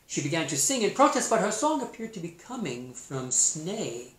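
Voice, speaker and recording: A man, a teacher, reading a storybook aloud in a playful, expressive way and adding his own comments on the story. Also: sits high, moderate pace. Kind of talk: storybook read-aloud with asides. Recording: roomy echo.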